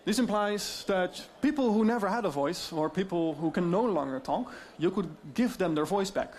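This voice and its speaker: A man with a Dutch accent giving a conference talk on deepfakes, explaining in a lively way with many fillers. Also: normal speed. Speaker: speaker on AI deepfakes.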